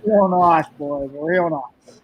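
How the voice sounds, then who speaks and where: A man's voice: on the high side, takes it slowly, highs cut off, a little hiss or hum. A man with an Australian accent chatting casually as a podcast guest, laid-back and upbeat, with surfer slang. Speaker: podcast guest, backcountry snowmobiler. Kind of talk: casual chat.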